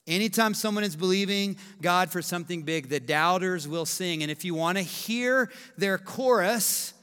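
A man in his thirties, a pastor preaching a sermon with emphatic, animated delivery and acted-out quotes. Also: high voice. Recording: echoey hall reverb.

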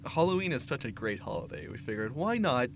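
A man's voice: sing-song, fairly quick. A man co-hosting a comedy podcast in casual chat, often breaking into laughter. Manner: giggly, breaks into high laughs. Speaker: podcast co-host.

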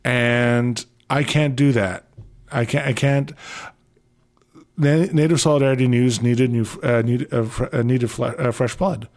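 A man with a Canadian accent, hosting his last radio show in a studio and telling stories in a rambling, excitable way with many restarts. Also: mid-range voice, measured pace. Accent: Canadian English. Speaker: departing radio show host. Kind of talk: casual radio interview.

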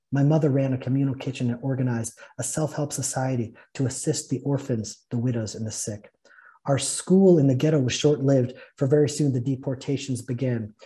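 A warm, mid-range male voice leads a spiritual talk, earnestly and feelingly telling a story and reading it aloud during a fellowship session.

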